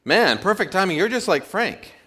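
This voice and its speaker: Figure: chatty male cab driver, as a man puts him on. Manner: gushing, rambling, high-pitched and loud. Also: very animated, moderate pace, slightly rough, exaggerated voice.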